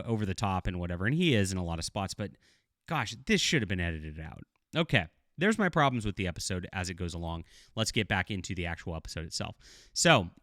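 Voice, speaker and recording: A man's voice: fairly low pitch, a bit bright, no room sound, clean studio sound. A middle-aged man giving casual video commentary as a TV show reviewer, blunt and critical, rambling with fillers.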